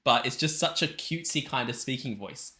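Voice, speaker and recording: A man hosting a music reaction video, excitable and rambling, often restarting his sentences. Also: mid-range voice, brisk. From Australia. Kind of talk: casual reaction commentary.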